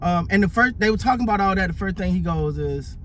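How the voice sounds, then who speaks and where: A man giving casual, animated sports commentary, often stumbling over and repeating his words. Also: high-pitched, fast talker, a little hiss or hum.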